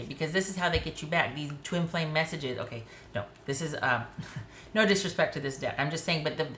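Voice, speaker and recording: A woman's voice: low voice, a bit bright. A woman giving a tarot reading to camera in a frank, conversational way, talking to herself as she pulls cards. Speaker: tarot reader. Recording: echoey room with faint noise.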